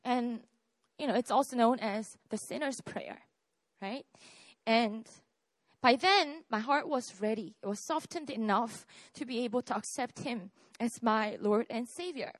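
A woman's voice: a little high, a little slow, dry recording. A woman, preaching a conversational sermon about her own faith and checking in with the listeners. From South Korea. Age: 30s. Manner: conversational, often asks "right?" and "okay?". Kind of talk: sermon with personal testimony.

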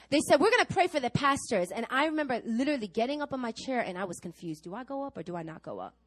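A middle-aged woman pastor preaching a sermon, telling stories to her congregation and acting out the people she quotes. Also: fairly high pitch. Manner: animated storytelling to a congregation, acting out quoted voices.

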